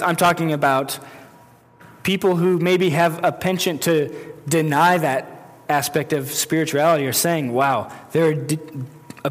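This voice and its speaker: A man with a somewhat high voice preaches a sermon to his congregation. He talks in a loose, conversational way, restarting phrases and slipping into the voices of the people in his story. His words ring out with the long reverb of a large hall. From United States. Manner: conversational, with self-corrections and acted-out quotes. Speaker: pastor.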